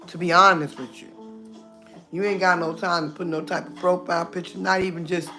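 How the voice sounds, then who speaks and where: A woman's voice: on the low side, fairly even intonation, normal speed, pushed and bright, faint music behind. Blunt middle-aged woman streaming live. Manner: blunt, talkative, greets viewers by name, laughs often. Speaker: livestream host. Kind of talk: casual livestream chat.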